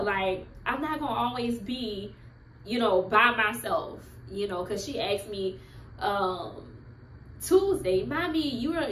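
A woman's voice: mid-range voice, a bit bright, reverberant, slight background noise, low-quality recording. A woman in her thirties filming a personal vlog at home, speaking in an earnest, heartfelt, faith-filled way. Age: 30s. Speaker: vlogger.

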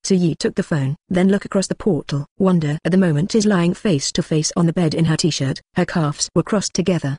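A text-to-speech audiobook narrator reading a machine-translated web novel in a flat, evenly paced manner. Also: mid-range voice, fairly quick, hardly any pauses, breathy edge, dry recording, clean studio sound.

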